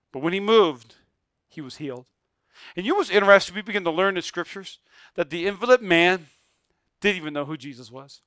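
A man in his thirties, a pastor delivering an energetic sermon, swinging from quiet lines to loud repeated exhortations. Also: sits high, clean tone, no room sound, clean studio sound. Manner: swings from quiet to shouted emphasis, repetitive exhortation.

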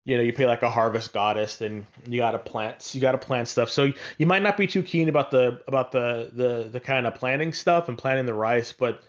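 A man's voice: medium pitch, a little fast, few pauses, lo-fi sound. Rambling man chatting about games. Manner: rambling, with many fillers and restarts. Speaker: podcast co-host. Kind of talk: casual chat about video games.

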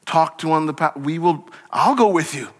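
A man preaching a sermon as a church pastor, conversational and animated, acting out little scenes from the text. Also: on the high side, fairly quick. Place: church sanctuary. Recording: long hall reverb.

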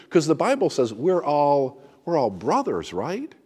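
A man's voice: a little high, huge pitch swings, a little slow, hardly any pauses, darkish tone, breathy edge, in a large hall. A man preaching a sermon as pastor, emphatic and often repeating words as he restarts.

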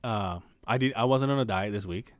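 A man's voice: on the low side, normal speed, no echo, studio quality. A man in his forties co-hosting a casual podcast, telling stories with lots of swearing and acting out the people in them. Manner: animated storyteller, acts out voices, swears freely. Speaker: podcast co-host. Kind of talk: casual chat.

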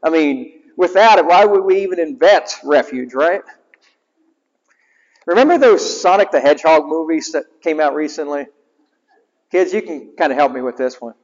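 A man's voice: on the high side, lively intonation, moderate pace. A male chaplain preaching a sermon in a conversational way and asking the congregation questions. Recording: muffled, echoing hall.

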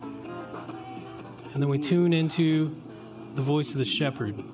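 A man preaching a Christmas Eve sermon as pastor, in a relaxed, conversational way that invites the congregation in. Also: fairly high pitch, slow, music in the background.

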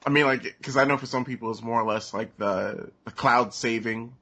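A man co-hosting a casual gaming podcast, talking haltingly with a summer cold. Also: mid-range voice, pushed and bright, breathy edge. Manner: halting, many fillers and restarts. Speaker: podcast co-host.

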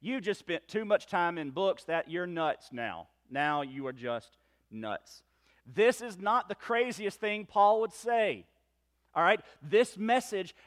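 A man with a Southern US accent, a pastor preaching a sermon, reading scripture quietly, then building to loud, emphatic questions. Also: high-pitched.

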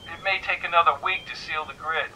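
A man lightly voices a worried woman of the crew, speaking quietly and a little shakily over a device. His tone lifts only slightly and stays hushed, with a faint noise floor behind. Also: a little high, fairly even intonation, a little fast, low-quality recording. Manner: soft, quiet and slightly shaky. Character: worried female crew member on a radio device. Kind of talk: audiobook character reading.

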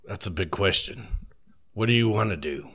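A man's voice: lowish voice, moderate pace, a bit bright, slightly rough. A man voicing a seasoned warrior who mentors a novice with terse, blunt lines. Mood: dry.

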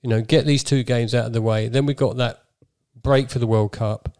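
A man in casual football podcast chat, speaking in a measured way with many "you know" fillers. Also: medium pitch, fairly even intonation, darkish tone.

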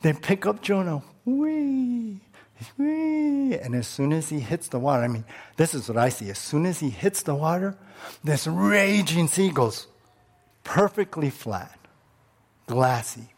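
A male pastor preaching a sermon in an animated way, repeating words when worked up and dropping low on key words. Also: normal speed.

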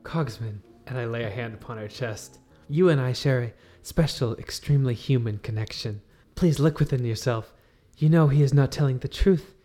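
A man's voice: mid-range voice, darkish tone. A man playing a tabletop game, speaking in a dramatic, playful way. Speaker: player. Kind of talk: tabletop role-play.

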